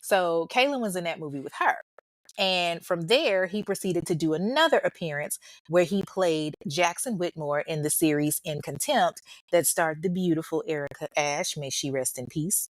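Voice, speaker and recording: A woman's voice: fairly low pitch, moderate pace, no echo, clean studio sound. A woman hosting a true-crime show, telling the story in casual commentary with blunt, profane asides.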